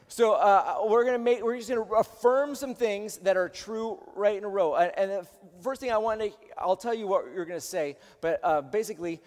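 Pastor, male, high voice, earnest and exhorting, recorded in a church hall with a long reverb tail. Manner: earnest, rising to loud exhortation with frequent restarts. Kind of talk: sermon to a live-streamed congregation.

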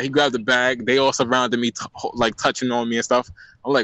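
A young man tells a long story in a relaxed group chat, often breaking into laughter. His voice sits at an ordinary pitch and is recorded dry and close, with no room sound. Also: a little fast, dry recording.

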